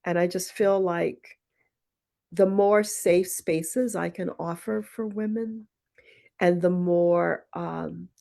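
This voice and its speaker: This poet and retreat founder speaks slowly on a podcast in a fairly low, creaky, mellow voice with fairly even intonation. Her conversational storytelling is reflective and personal, and she performs the quoted lines.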